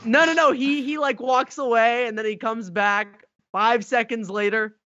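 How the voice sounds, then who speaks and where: A young man tells stories on a podcast with plenty of energy, slipping into quoted voices and laughing along the way. His voice sits high and sounds bright. The recording is dry and a little muffled. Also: moderate pace, dry recording. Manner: animated, acts out quoted voices, laughs often. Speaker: podcast guest, voice actor. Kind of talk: casual comedic storytelling.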